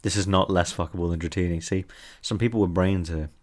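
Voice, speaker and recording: A man's voice: sits low, steady tone, a little fast. A young man streaming from his desk, teasing his chat in a playful, casual way.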